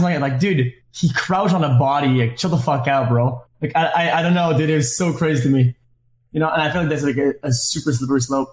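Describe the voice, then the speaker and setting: Excitable slangy man in an echoey room. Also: fairly high pitch, a little fast. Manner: excitable, slangy, says "dude" a lot. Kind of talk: casual panel discussion.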